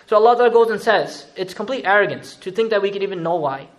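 A man gives a sermon in a high, quick voice. He moves from recited verses to loose, chatty explanation and throws in slangy asides along the way. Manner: conversational, mixes Arabic recitation with English explanation; animated, uses asides and slang. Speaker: Islamic preacher.

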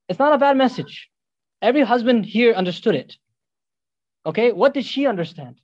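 A man preaching, retelling a story in an animated way with joking asides to the audience. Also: extremely high pitch, moderate pace, pauses often, no room sound, muffled recording. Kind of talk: sermon storytelling.

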